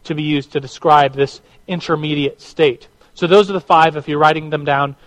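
Chatty male church teacher, higher voice. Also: fairly even intonation, moderate pace, fairly bright tone, rough recording. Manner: conversational, repeats words, speaks to the room. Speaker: teacher leading a church class. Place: room with a live audience.

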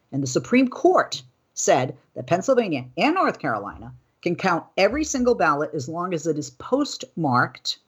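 A woman hosting a news commentary show, reading political quotes and then riffing on them in an animated, indignant way. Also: low voice, slightly rough, muffled recording. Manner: animated, indignant, talking off script. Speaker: host.

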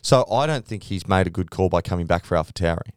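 A man co-hosting a casual sports podcast, telling stories with lively mimicry of team radio. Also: sits low, fast talker, clear, resonant tone, no room sound, clean studio sound. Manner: animated storytelling, mimics radio chatter. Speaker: podcast co-host.

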